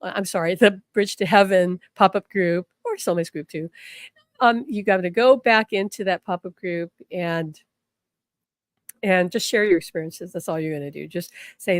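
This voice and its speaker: A woman teaching a live spiritual class, encouraging and animated, acting out the people she quotes in her stories. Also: mid-range voice, normal speed, no echo, clean studio sound. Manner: animated storytelling, quotes people in changing voices; encouraging, repeats affirmations.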